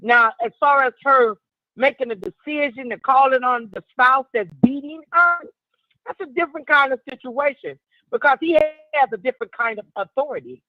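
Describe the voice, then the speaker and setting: A woman's voice: high-pitched, no echo. Woman caller on a dull, dry line. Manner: reflective, measured. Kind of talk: call-in talk show.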